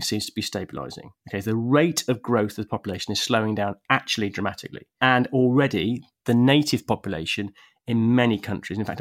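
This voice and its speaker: A man talking through ideas on a podcast, thoughtful and explanatory, with frequent restarts. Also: lowish voice. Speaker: podcast panelist. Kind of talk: casual podcast discussion.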